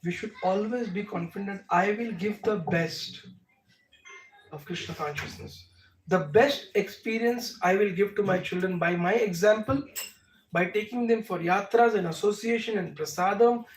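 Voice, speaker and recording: A man's voice: high-pitched, normal speed, slight background noise. A man with an Indian accent teaching a devotional class, answering questions emphatically with rhetorical questions. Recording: echoey room, mic far off.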